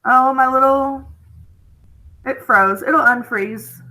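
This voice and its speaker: A woman teaching a spelling lesson, her voice a little high and bright. She speaks very slowly and patiently, drawing out each word so young students can follow. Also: low-quality recording.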